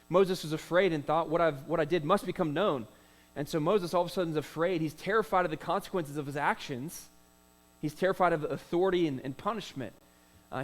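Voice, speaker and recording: A man's voice: on the high side, rough recording. A man preaching a sermon as pastor, in a conversational way with rhetorical questions, "uh" fillers and repeated words.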